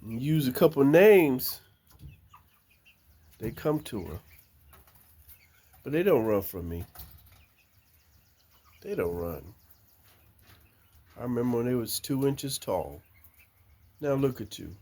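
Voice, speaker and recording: An older man, chatting slowly and fondly to his backyard chickens outdoors. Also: medium pitch, sing-song, dark tone. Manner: slow, drawling, talks fondly to the birds. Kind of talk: casual chat talking to his hens. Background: chickens clucking.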